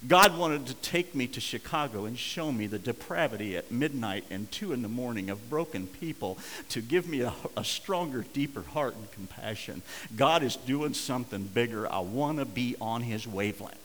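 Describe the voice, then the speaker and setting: Middle-aged pastor preaching in an echoey hall. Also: male voice, mid-range voice, animated, moderate pace, slight background noise. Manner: storytelling, swings from soft to loud and urgent. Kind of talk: sermon.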